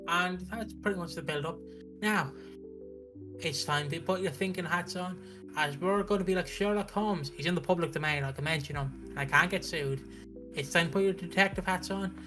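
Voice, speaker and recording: Animated British man recapping a soap. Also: sits high, moderate pace, music in the background. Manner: animated storytelling, acts out characters' lines, frequent restarts. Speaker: soap opera recap streamer. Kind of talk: casual spoken recap.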